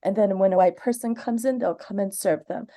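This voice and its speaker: A woman's voice: medium pitch, brisk, mellow. A woman in her forties, who grew up in Canada, gives earnest, candid personal testimony during public comment. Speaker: community member giving public comment.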